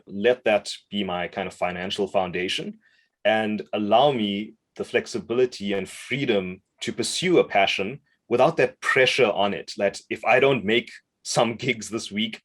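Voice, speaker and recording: Lively low-voiced man from South Africa. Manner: animated and enthusiastic, quick bursts, laughs often. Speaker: voice-over coach. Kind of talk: podcast interview, telling his story.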